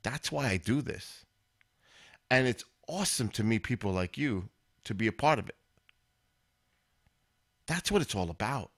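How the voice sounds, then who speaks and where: A man's voice: mid-range voice, animated, unhurried, pauses often. Male stream host, mid-range voice, loose rambling chat aimed at viewers. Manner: chatty, talks straight to viewers in chat. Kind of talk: casual live-stream chat.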